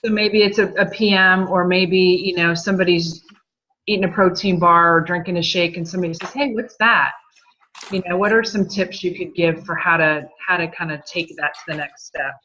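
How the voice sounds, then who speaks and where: A woman's voice: fairly low pitch, fairly even intonation, moderate pace, sharp tone. A woman on a group call asking a long, rambling question, hesitant with ums and restarts. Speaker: team member asking a question. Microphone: video call. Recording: dull echoey call audio.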